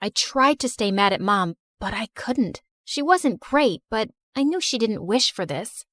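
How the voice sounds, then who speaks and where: A woman narrating an animated drama in the first person, telling it with emotional, expressive storytelling. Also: fairly high pitch, a little slow, no room sound, clean studio sound.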